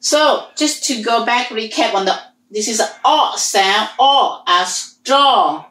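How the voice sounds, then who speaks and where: A woman leads a language lesson, drawing out each sound and saying words again and again for her students. Her voice sits a little high and her delivery is very slow. The recording has a roomy echo. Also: animated, fairly bright tone, distant mic. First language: Hmong. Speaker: language teacher.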